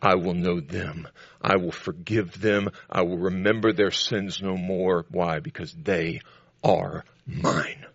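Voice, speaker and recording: A man preaches a sermon in a low, gravelly voice. He swings from steady explanation to loud, emphatic declarations. The recording is dry, with little room sound, and slightly muffled. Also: unhurried, no room sound. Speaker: pastor.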